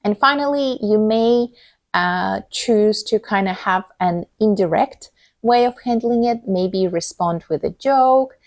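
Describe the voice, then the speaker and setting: A woman's voice: mid-range voice, a little slow, no room sound. A woman coaching on communication, talking earnestly and reassuringly to camera and walking through examples. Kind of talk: advice talk to camera.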